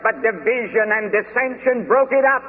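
High-voiced preacher in an echoing hall. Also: male voice, husky. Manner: deliberate, emphatic preaching with slowed stresses. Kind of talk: sermon. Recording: tinny phone-like archive recording in a long-reverb hall.

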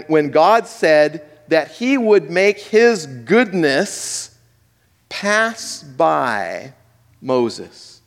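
A man delivers a sermon at an unhurried, deliberate pace in a fairly high voice. He turns dramatic, swelling loud and dropping hushed, and keeps putting questions to the congregation. His words trail off into a long, ringing church echo. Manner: asks the audience questions. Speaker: pastor. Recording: echoey hall with long reverb.

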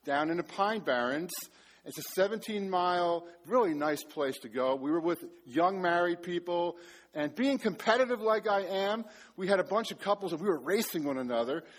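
A man's voice: high voice, animated, moderate pace. A middle-aged man preaching a sermon, telling a story with self-mocking humor. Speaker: pastor.

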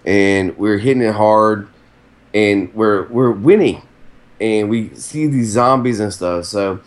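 A man's voice: lowish voice, slow pace. A man telling a rambling story in casual chat, with many fillers.

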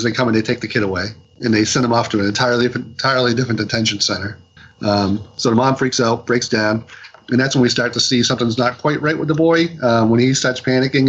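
A man on a casual podcast, retelling a comic's story with lots of ums, restarts and quick acted-out quotes. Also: medium pitch, a bit bright, breathy edge, lo-fi sound. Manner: rambling retelling with many fillers and restarts. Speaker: podcast co-host reviewing comics.

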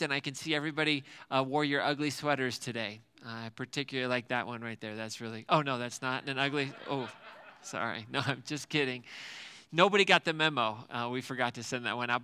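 A man preaching a relaxed, funny sermon with a bright, clear voice. He jokes at his own expense and keeps asking the room questions, chatting like he's among friends. His voice sits a bit high for a man. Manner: joking, chatty, self-mocking, often asks the room questions. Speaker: lead pastor. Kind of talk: casual sermon to a live congregation.

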